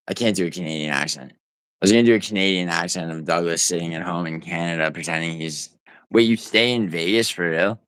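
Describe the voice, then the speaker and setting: Very deep, smooth-voiced man bantering with chat. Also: fairly quick, a bit bright, no echo. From United States. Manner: rambling, teasing, profane banter. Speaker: livestreamer reading chat. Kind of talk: casual livestream chat with viewers. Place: at home.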